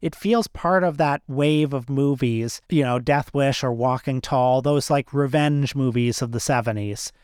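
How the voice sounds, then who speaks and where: Smooth-voiced man in film chat. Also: mid-range voice, unhurried, few pauses, darkish tone, dry recording, clean studio sound. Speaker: podcast co-host. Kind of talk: casual film discussion.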